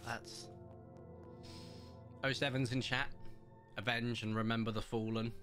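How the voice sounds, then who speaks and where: A man's voice: medium pitch, flat delivery, measured pace, over music. A man, hosting community games on a live stream and chatting casually in a rambling, anecdotal way. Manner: rambling and anecdotal, with many fillers.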